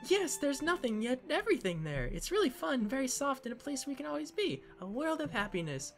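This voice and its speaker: A playful little sister from a game, her high sing-song voice teasing and bright, as a man puts her on in falsetto. Her pitch leaps about with lively swings. Faint music plays underneath. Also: fairly quick, heavily acted. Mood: teasing, cheerful.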